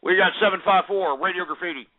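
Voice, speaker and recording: Brash, high-voiced male radio host. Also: quick pace, very noisy. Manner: brash, mocking, insults callers. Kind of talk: call-in radio banter. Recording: phone-like lo-fi broadcast audio.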